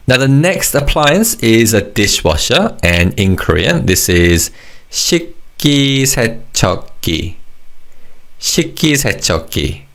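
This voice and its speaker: A man teaching a recorded language lesson, encouraging and modeling words slowly for learners to repeat. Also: sits low, fairly bright tone.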